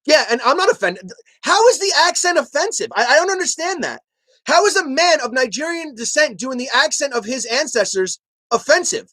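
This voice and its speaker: A live stream host giving heated commentary, arguing emphatically with chat and rising to near shouts. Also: sits high, a little fast, dry recording. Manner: animated ranting, emphatic and repetitive.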